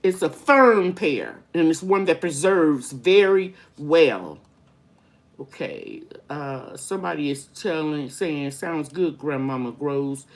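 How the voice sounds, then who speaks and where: A woman's voice: low-pitched, lively intonation, slow pace. An older woman hosting a live-stream gardening Q&A, chatty and folksy, greeting viewers by name as she rambles through explanations. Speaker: gardening channel host.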